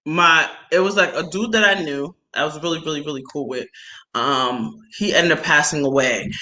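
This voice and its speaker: A woman telling a personal story in casual chat, animated and laughing often, her voice jumping to loud shrieks when excited. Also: sits low. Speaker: host.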